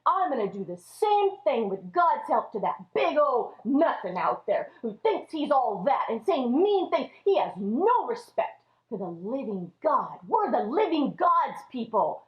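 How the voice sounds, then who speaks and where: A woman's voice: sits high, big pitch swings, measured pace, hardly any pauses. A woman voicing a brave, cheerful young shepherd boy with eager exclamations. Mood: determined. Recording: echoey room, dull lo-fi audio.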